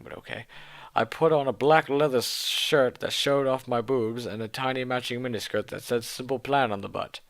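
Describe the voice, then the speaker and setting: A man's voice: lowish voice, creaky. A man giving a mock-earnest dramatic reading of fan fiction, dropping into dry muttered asides. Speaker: reader.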